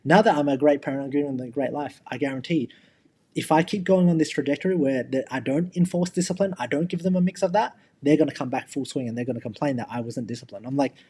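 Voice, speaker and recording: A man's voice: medium pitch, fast, dark tone, slightly rough. A young man co-hosting a podcast, talking bluntly and emphatically in casual chat, swearing freely. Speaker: podcast co-host.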